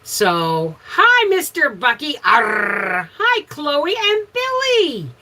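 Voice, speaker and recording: A woman's voice: high voice, wildly swooping pitch, extremely slow, sharp tone, low-quality recording. A middle-aged woman with a Canadian accent hosting a casual home livestream, chatting about her day and greeting viewers by name. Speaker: homesteading livestream host. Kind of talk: casual live chat with viewers.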